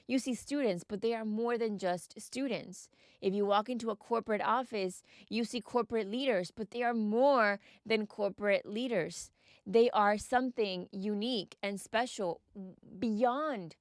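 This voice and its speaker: A woman's voice: mid-range voice, dry recording, clean studio sound. A woman hosting a podcast and talking straight to her listeners in an earnest, encouraging way, often putting questions to them. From United States. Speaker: podcast host and mindset coach. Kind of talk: reflective podcast monologue.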